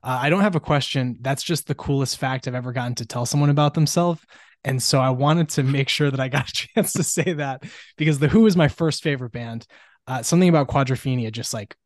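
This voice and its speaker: A man's voice: mid-range voice, fairly quick, no room sound, studio quality. A young man co-hosting a podcast, eagerly asking questions and laughing along in casual interview chat. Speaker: podcast co-host.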